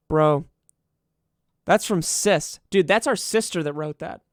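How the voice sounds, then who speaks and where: A man's voice: fairly high pitch, slow pace, long pauses, no echo, clean studio sound. A young man streaming and chatting casually, sarcastic and profane as he riffs on what he reads. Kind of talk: casual livestream commentary.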